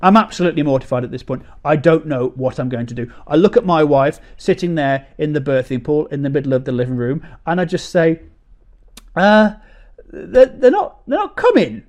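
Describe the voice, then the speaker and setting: A man doing stand-up comedy, telling a story in an animated, sarcastic, ranting way. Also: on the high side, fast, few pauses.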